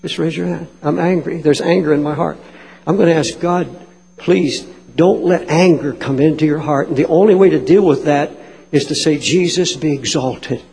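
A male pastor leads an altar call and prayer with earnest, fervent urgency, his voice sitting a little high for a man. He is recorded in a church sanctuary, and a long hall reverb trails after his words. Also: moderate pace, creaky. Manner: earnest, fervent, rising to loud praise.

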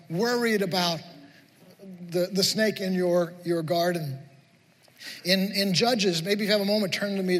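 A middle-aged man preaches in a fairly high voice, earnest and repetitive, piling up emphatic questions. His sermon rings out with long reverb through a church hall. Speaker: pastor. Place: church sanctuary.

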